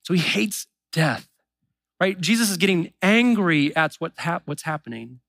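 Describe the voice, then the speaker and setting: A man preaching a sermon in a relaxed, conversational way, acting out the doubts of believers in quick asides. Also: on the high side, creaky, no echo. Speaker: pastor.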